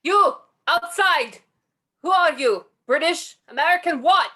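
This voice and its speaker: Lady reading a scared young german soldier guy, suspicious, high pitched. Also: lively intonation, normal speed, fairly bright tone. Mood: wary. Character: young German male sergeant, cornered and wary. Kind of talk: amateur script reading.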